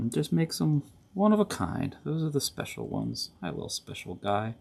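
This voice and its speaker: A man's voice: mid-range voice, big pitch swings, normal speed, vocal fry, few pauses, darkish tone. A middle-aged man hosting a casual hobby tutorial at home, chatty and rambling, often correcting himself mid-sentence. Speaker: host of a board gaming channel.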